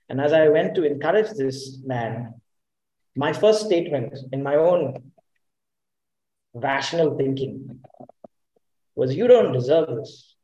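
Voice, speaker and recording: A man's voice: a little high, warm tone, echoey room, low-quality recording. A man preaching a sermon in an earnest, emphatic way, often putting questions to the congregation.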